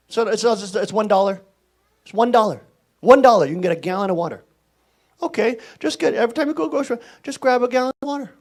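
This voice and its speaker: A male pastor preaches with a high voice that swoops widely in pitch. He is emphatic and scolding, punching his warnings hard and then dropping low to advise. The delivery is an animated sermon.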